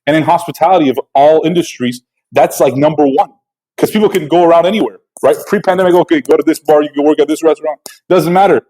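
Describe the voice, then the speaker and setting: A man's voice: a little high, fast, warm tone, poor audio. A man hosting a podcast interview, talking things through in a conversational, questioning way with many fillers. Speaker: podcast host.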